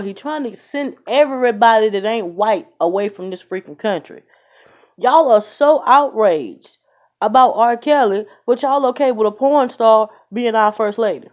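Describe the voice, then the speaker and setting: A woman giving a blunt, emphatic opinion rant into her phone, as in a casual vlog. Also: mid-range voice. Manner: emphatic, blunt, fed-up, conversational. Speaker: vlogger. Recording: dull lo-fi phone audio.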